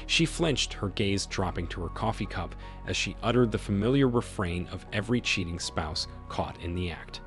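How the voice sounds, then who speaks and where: A man's voice: deep voice, animated, moderate pace, a bit bright. A man reading a first-person story aloud in a stern, cold, dramatic manner. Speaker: story narrator. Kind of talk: scripted first-person narration. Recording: faint music bed under voice. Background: faint background music.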